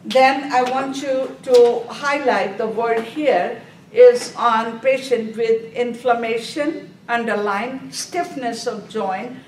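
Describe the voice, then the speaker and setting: Woman teaching nursing class, slow and repetitive, kinda high voice, echoey room, mic far off. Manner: slow, repetitive, quizzes the class and answers herself. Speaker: nursing exam instructor. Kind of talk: classroom lecture. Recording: echoey room, mic at a distance, faint background noise.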